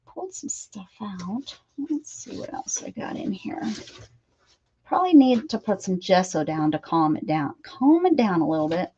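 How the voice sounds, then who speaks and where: A chatty American woman hosting a home crafting stream, trading affectionate baby-talk with her pets between comments on her work. Her voice is mid-pitched and comes through slightly dull, lo-fi stream audio. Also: very animated, moderate pace, mellow, a little hiss or hum. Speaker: craft livestream host. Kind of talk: casual chat while crafting.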